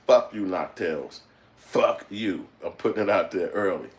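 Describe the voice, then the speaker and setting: A man's voice: low voice, expressive, measured pace. A middle-aged man hosting a casual live stream, talking loosely and profanely, laughing often as he reads chat. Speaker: channel host reading live chat.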